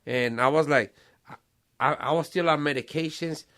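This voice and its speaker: A man's voice: a little high, normal speed, pushed and bright. A man, hosting a casual podcast chat and talking streetwise slang with Spanish phrases and swearing. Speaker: podcast host.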